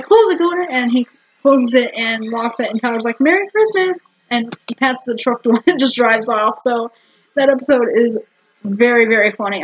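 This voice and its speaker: A woman vlogger chatting casually to camera, rambling and giggling with lots of fillers and restarts. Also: fairly high pitch. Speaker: vlogger reviewing a TV episode. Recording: dull lo-fi home recording.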